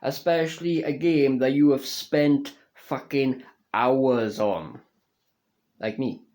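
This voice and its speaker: A young man casually reviewing a video game, slow and halting, swearing constantly and restarting his words, earnest and emotional. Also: mid-range voice, darkish tone.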